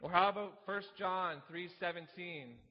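A man's voice: sits high, normal speed, in a large hall, lo-fi sound. A man preaching a sermon, teaching earnestly, reading scripture aloud and posing rhetorical questions.

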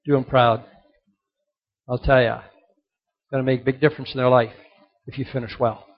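A middle-aged man giving a motivational sermon to young people, emphatic and repetitive, sometimes dropping to a soft earnest tone. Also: mid-range voice, level tone, normal speed. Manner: emphatic, repeats key points, drops to soft earnest tones. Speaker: youth speaker. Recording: dull lo-fi recording.

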